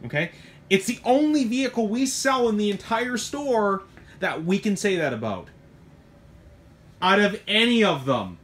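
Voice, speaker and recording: A middle-aged man with a slightly higher voice talks shop in a loose, animated way. He rambles, doubles back and throws in mild cursing as he walks through a truck he sells. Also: a little slow. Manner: animated, rambling, swears mildly, lots of asides. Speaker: hobby shop owner reviewing a truck. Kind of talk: casual product talk.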